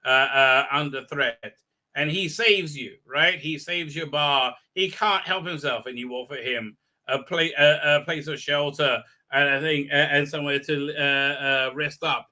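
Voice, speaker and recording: A man hosting a livestream, giving a rambling recap of a show with many halting fillers and restarts. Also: fairly high pitch, bright, forceful tone. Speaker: livestream host. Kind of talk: ranting show recap commentary.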